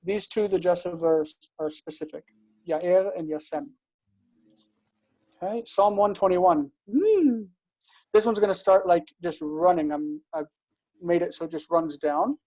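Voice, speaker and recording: A man teaching Biblical Hebrew in an online class, explaining slowly and patiently and often checking that students follow. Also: high voice, mellow, no room sound, muffled recording. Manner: slow, patient explaining with frequent checks for understanding.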